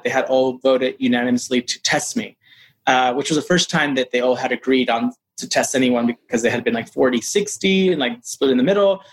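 A man being interviewed as an actor, telling a story in a casual, animated way, full of "like" and "you know" and acting out what people said. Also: mid-range voice. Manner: animated, acts out quoted dialogue; frequent fillers like "like" and "you know". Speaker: actor guest.

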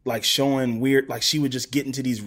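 A man's voice: medium pitch, fairly quick. A man in his thirties from the Gulf Coast South, telling stories as a podcast guest and acting out what people said. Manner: animated storyteller, acts out quotes. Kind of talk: casual storytelling interview.

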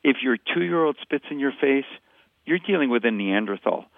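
Gravelly man explaining over a tinny line. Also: medium pitch, lively intonation, moderate pace, no room sound. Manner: explanatory, uses short repeated phrases, acts out examples. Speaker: parenting expert guest. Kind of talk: conversational podcast interview. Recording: dry, tinny phone-line sound.

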